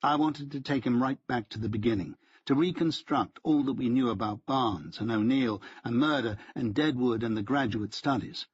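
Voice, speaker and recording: A man reading a first-person novel aloud as an audiobook narrator, in a dry, wry deadpan way. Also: medium pitch, slightly rough, no room sound. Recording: dull lo-fi dry audiobook recording.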